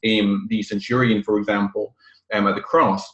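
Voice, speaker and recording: A man's voice: on the low side, level tone, normal speed, fairly bright tone, reverberant, dull audio. A man on a webinar panel making an emphatic, argumentative point. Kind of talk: webinar discussion.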